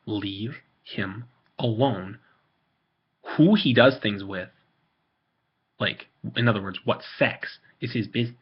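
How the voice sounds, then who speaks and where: A man's voice: medium pitch, breathy edge, highs cut off. A teenage boy ranting casually on a vlog, rambling with lots of fillers, restarts and swearing. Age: teens. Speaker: video maker.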